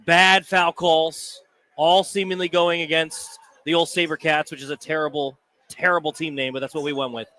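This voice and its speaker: Brief: male sports radio co-host, bright, sharp tone, high voice, playful and teasing. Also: level tone, normal speed, dry recording. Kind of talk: casual sports talk banter. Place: sports bar.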